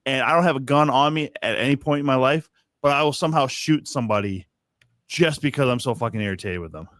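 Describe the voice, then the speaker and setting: A man's voice: mid-range voice, fast talker, fairly bright tone, no room sound, studio quality. Swearing man ranting about traffic. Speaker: podcast co-host. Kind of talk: profane casual chat. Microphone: video call.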